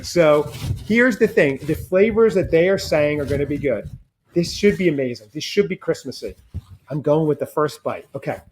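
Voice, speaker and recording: A man's voice: a little high, animated, normal speed, a little hiss or hum. A man hosting a podcast taste test in casual chat, joking and thinking aloud as he tastes. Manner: chatty, jokey, thinks aloud while tasting. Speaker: podcast host.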